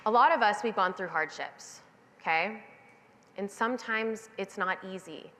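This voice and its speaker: A woman giving a keynote on stage, telling a story with lively acted-out voices. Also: mid-range voice, unhurried. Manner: animated, acting out the voices in her anecdote. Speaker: keynote speaker. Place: stage in a large event hall. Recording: long reverb of a large hall. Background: hall reverb.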